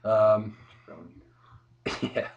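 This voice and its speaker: A man's voice: lowish voice, flat delivery, drawn-out words, gravelly, muffled recording. Laid-back young man recapping wrestling. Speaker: co-host of a wrestling review show. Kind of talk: casual chat.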